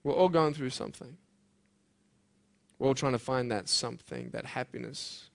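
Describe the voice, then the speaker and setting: A young adult man giving an earnest, emphatic motivational speech to students, moving between hushed and loud passages. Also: mid-range voice, normal speed, vocal fry. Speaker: motivational speaker.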